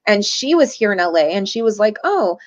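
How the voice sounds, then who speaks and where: A woman's voice: medium pitch, a little fast, dry recording. A woman guest telling stories in an interview, acting out the voices of people she quotes. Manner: lively, acts out quoted voices. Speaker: guest, shaman and tarot reader. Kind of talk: interview storytelling. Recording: dull lo-fi audio.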